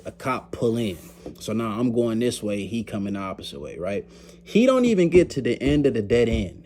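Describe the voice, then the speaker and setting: Laid-back young man telling a story. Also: lowish voice. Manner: animated, slangy, laughs often, acts out quoted voices. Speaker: vlogger. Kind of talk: casual storytelling.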